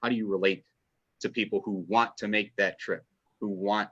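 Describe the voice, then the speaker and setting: A man with a lowish, steady, slightly bright voice talks at a moderate pace as a podcast guest and fan writer. He chats enthusiastically, rambling and restarting his sentences in a casual podcast conversation. The audio is dull and lo-fi.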